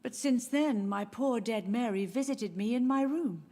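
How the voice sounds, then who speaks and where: A woman's voice: fairly high pitch, unhurried. An actress voicing a frail elderly mother in a video game, grieving and confused, speaking in a wistful, drifting way. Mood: sorrowful. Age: older. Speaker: game character. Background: soft game music.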